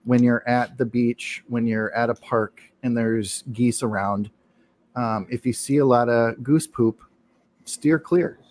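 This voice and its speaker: A man co-hosting a casual podcast, telling a long story with many ums and pauses. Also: mid-range voice, steady tone, a little mellow. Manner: hesitant, many ums, laughs often. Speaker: podcast co-host. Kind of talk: casual chat, rambling anecdote.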